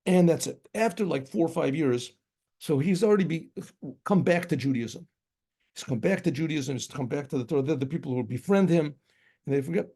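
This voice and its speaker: Man, rabbi storyteller, gravelly, mellow dark tone, rambling conversational telling. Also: a little high. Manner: rambling, conversational, acts out shofar blasts. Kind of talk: spoken storytelling.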